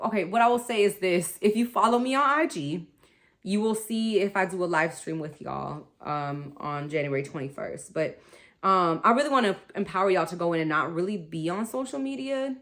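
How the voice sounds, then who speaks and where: She hosts a spiritual wellness talk in a medium-pitched, slightly bright voice. Chatty and prone to rambling, she laughs often and calls listeners y'all.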